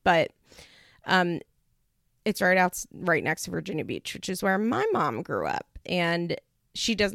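A woman's voice: lowish voice, creaky, no room sound, studio quality. A young woman hosting a casual podcast, recapping a reality show in a chatty, laughing way and animatedly quoting other people. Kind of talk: casual chat.

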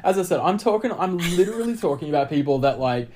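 A man's voice: fairly high pitch, lively intonation, quick pace, mellow. A young Australian man telling a long story in casual chat, rambling with lots of fillers and restarts.

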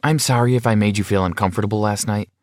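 A man's voice: lowish voice, quick pace, darkish tone, no echo, studio quality, natural voice. A man voicing a lovesick, clingy young woman roommate who speaks in a pleading, emotional way. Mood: apologetic.

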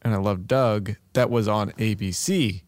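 A man's voice: fairly low pitch, a little slow, no echo. A man in his thirties co-hosting a podcast, chatting casually with a dry, joking manner. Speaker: podcast co-host. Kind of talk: casual chat.

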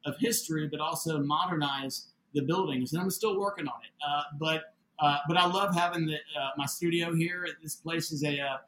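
Man, high bright voice, lively storyteller acting out the dialogue; roomy sound, faint ambience. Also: moderate pace, few pauses, a little hiss or hum. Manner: animated, acts out quoted dialogue. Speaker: interview guest, building owner. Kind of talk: casual spoken storytelling.

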